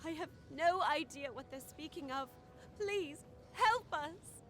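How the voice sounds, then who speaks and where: A woman's voice: high-pitched, animated, slow pace, exaggerated voice. A woman voicing a frantic peasant woman in a video game who begs for help because her husband was taken. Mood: pleading. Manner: desperate, pleading, shouting. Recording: game audio with faint music.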